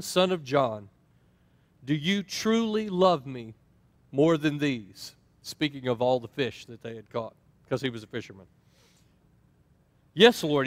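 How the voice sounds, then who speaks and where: A man's voice: on the high side, no echo. A man preaching a sermon, telling stories and acting out quoted dialogue. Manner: storytelling, acts out quoted dialogue with lively swings. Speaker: pastor.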